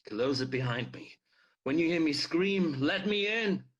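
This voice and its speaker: Guy reading, doing a stressed small-town cop yelling orders, high tense voice. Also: animated, measured pace, muffled recording. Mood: urgent. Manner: shouted commands. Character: harried small-town male constable giving orders.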